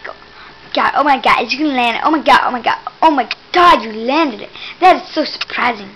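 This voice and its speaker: High, bright, excitable woman commentator. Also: brisk, slight background noise, low-quality recording. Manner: excitable, exclaiming over and over; teasing, mock-scolding. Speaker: gameplay commentator. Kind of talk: casual gameplay commentary.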